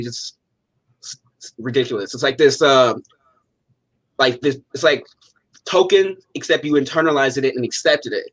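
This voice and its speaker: A man's voice: a little high, fairly bright tone, no room sound. A young man on a discussion panel who tells stories casually, filling his speech with uh and like. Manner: casual storyteller, many fillers like uh and like.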